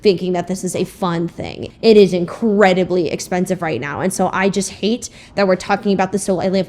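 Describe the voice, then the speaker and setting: A woman's voice: medium pitch, fast talker, few pauses, a little mellow. A young woman hosting a reaction commentary, frank and exasperated, swearing freely. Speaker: commentary video host.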